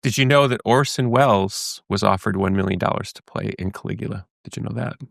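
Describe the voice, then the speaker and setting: A male interview host with a gravelly edge to his voice asks curious questions and gives brief reactions. The recording is dry and close. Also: on the low side, brisk, a bit bright, no room sound. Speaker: podcast host.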